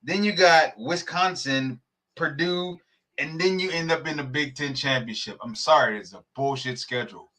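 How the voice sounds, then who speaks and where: A man argues sports on a podcast, fired up and swearing freely. His voice sits a little high and rings bright and forceful. He keeps circling back to the same point with mounting heat. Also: normal speed. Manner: heated, profane, animated ranting. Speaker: podcast co-host. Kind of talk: casual sports debate.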